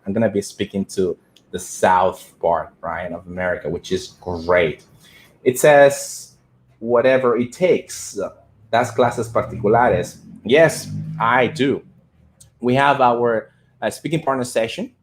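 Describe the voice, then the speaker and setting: Lively man teaching English on a live stream. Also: on the low side. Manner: lively, repeats words, reads out viewer comments.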